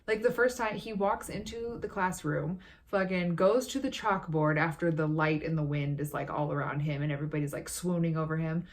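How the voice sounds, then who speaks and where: Low-voiced sarcastic young woman vlogger. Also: brisk, hardly any pauses. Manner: profane, sarcastic, rambling. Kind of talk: casual movie recap.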